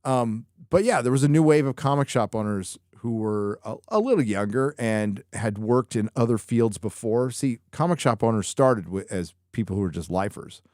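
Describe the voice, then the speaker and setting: A man hosts a casual live stream, answering chat questions with plenty of profanity, jokes and rambling. His medium-pitched voice is expressive and a little mellow, moving at a moderate pace with hardly any pauses, in a dry, studio-quality recording.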